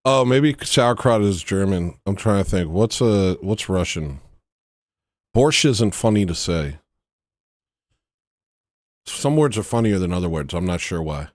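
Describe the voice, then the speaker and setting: A man's voice: low voice, animated, measured pace, long pauses, no echo, clean studio sound. A man hosting a livestream, rambling and joking in a self-mocking, comedic rant. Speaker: livestream host.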